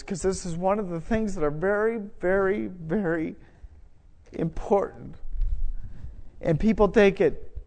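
A middle-aged man preaching a sermon, conversational and self-deprecating, building to loud emphatic moments. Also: high-pitched. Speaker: pastor. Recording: long hall reverb.

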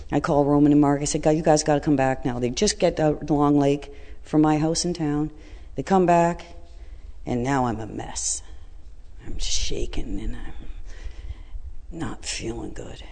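Woman, blunt storyteller, reverberant hall. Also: deep voice. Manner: colloquial, blunt and animated, vivid retelling. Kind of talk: casual personal storytelling.

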